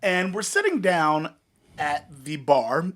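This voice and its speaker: Animated swearing young man telling a story. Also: on the high side, slow pace. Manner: animated, swearing storyteller who acts out quotes. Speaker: podcast co-host. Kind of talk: casual storytelling chat.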